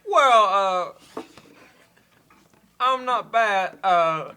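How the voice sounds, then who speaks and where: A halting, eerie celebrity voice, as a man attempts an impression, full of odd pauses. The tone is bright and the pitch jumps around. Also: lively intonation, smooth, heavily acted. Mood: deadpan.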